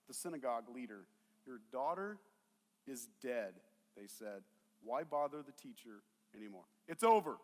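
A man preaching with a high, light voice that carries a long reverb through a large hall. He talks casually and animatedly, slipping into the voices of the people in the story as he tells it. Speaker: pastor. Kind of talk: sermon.

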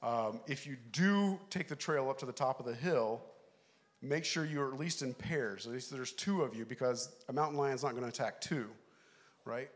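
A middle-aged man preaching a sermon, telling a story animatedly, laughing along and shouting the lines he quotes. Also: medium pitch, moderate pace. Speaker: pastor.

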